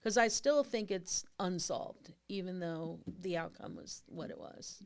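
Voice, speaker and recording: A woman co-hosting a podcast, asking rambling, animated questions in casual talk. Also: on the low side, unhurried, creaky. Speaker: podcast co-host. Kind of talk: casual conversation.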